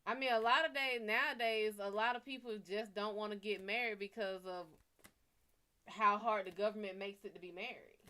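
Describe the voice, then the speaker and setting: A woman's voice: mid-range voice, fairly even intonation, normal speed, pushed and bright. A woman giving tarot readings on a live stream. She talks bluntly and casually, swears freely, and reads viewers' names and questions aloud. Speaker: tarot reader.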